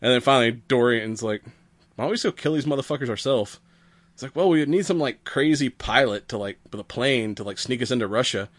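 Speaking a little fast in a mid-range voice with no echo, a man on a podcast loosely walks through a movie's story. He curses freely, wanders a lot, and performs the characters' lines amid laughter.

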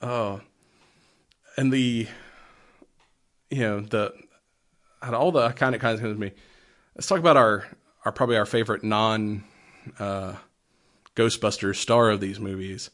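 A man's voice: on the low side, unhurried, pauses often, fairly bright tone. A man chatting casually about old movies and games, laughing often and swearing freely. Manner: laughing often, loose and profane.

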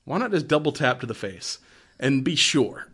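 Dude rambling thru a movie recap, lots of swearing and laughing, mid-pitch regular voice. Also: male voice, sing-song, moderate pace, a bit bright, breathy edge. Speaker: podcast co-host. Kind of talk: casual chat.

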